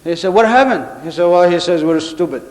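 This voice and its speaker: A man's voice: high voice, expressive, a little fast, darkish tone. A man tells comic stories to a live audience, switching into the voices of his characters. He speaks through a stage microphone, and his voice carries a long reverb from a big hall. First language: Arabic. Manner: storytelling, acting out quoted characters. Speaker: contest speaker. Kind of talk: humorous public speech.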